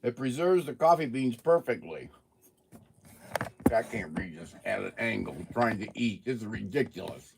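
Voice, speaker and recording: A man's voice: lowish voice, expressive, moderate pace, creaky, slight background noise. Chatty man eating on a livestream. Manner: chatty, eating and talking with mouth full. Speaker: livestream host. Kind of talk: casual livestream chat.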